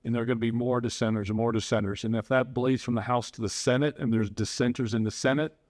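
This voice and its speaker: This podcast host talks fast in a mid-range, slightly mellow voice that holds a steady tone. He's earnest and opinionated in casual political chat, and he switches into Spanish to interview.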